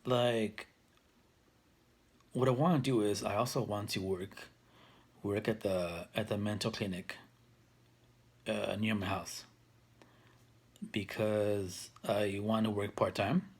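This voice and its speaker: A man's voice: fairly low pitch, steady tone, takes it slowly, pauses often, breathy edge. A man in his thirties talking to camera for his own video channel, rambling with many restarts and fillers. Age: 30s. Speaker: vlogger. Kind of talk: casual talk to camera.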